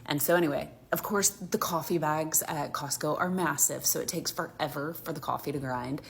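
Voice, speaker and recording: A mother from Alabama tells a casual storytime about her kids in a deep, creaky voice at normal speed, with a little hiss or hum in the recording. She's heated and emphatic and says "like" constantly.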